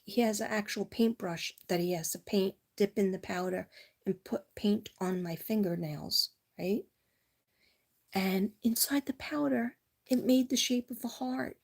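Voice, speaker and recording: Woman, New York accent, middle-aged, chatty tarot reader, rambling, mid-pitched voice. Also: a little mellow. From Staten Island, New York. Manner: chatty, rambling, drifts into personal stories. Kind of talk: casual intuitive tarot reading.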